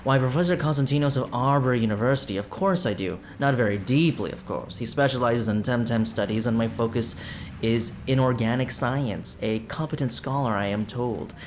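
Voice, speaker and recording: Man voicing a pompous lecturing scholar, lofty and wordy, mid-pitched voice, faint background hiss. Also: normal speed, close to an everyday voice. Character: pompous scholarly ocean researcher.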